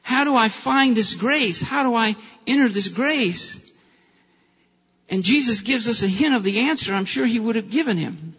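Brief: male pastor, impassioned preacher, high gravelly voice, bright edge, long church reverb, dull lo-fi recording. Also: expressive, normal speed. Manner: impassioned preaching with rhetorical questions. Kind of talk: sermon.

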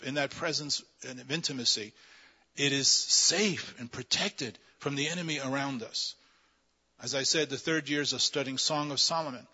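A man preaching with a bright, ringing tone that sits a little high. His fervent, emphatic delivery, full of rhetorical questions, carries through a big hall's long reverb on a dull, lo-fi recording. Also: husky. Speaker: pastor. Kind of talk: sermon.

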